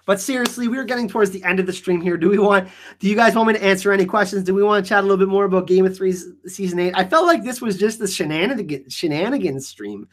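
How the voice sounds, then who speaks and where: Excitable man hosting a live chat. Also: high-pitched, fast. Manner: excitable, laughs often, frequent filler "like". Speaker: livestream host answering chat.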